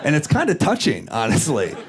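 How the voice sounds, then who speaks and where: A man doing stand-up comedy on stage, telling a story with a wry, self-deprecating delivery and quick jumps into acted-out voices. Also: on the high side, huge pitch swings, a faint crowd. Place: comedy stage before a live audience. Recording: clear audience noise. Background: audience laughter.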